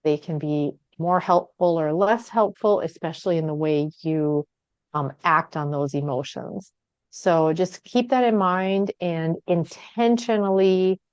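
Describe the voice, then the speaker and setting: A woman presenter on a webinar, speaking in a gentle, reassuring way. Her voice sits a little low and comes through smooth and clear, over slightly dull video-call audio. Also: a little slow, no room sound. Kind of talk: casual closing remarks.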